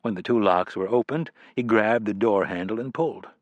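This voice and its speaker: A man narrates a scripted audiobook in a low, measured voice, slowing on key details. The recording is dry and close-miked with no room sound at all.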